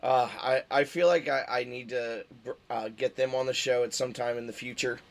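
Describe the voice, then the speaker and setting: A man of middling pitch hosts a casual streamed interview. He talks hesitantly and stacks up fillers as he hunts for his words. He laughs along with his guest a lot. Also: fairly even intonation, normal speed, gravelly. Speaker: stream host.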